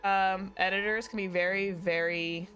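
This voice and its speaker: A woman's voice: medium pitch, steady tone, normal speed, fairly bright tone, faint music behind. A young woman streaming a game, chatting in a rambling way and correcting herself often. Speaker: VTuber streamer. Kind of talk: live game stream commentary.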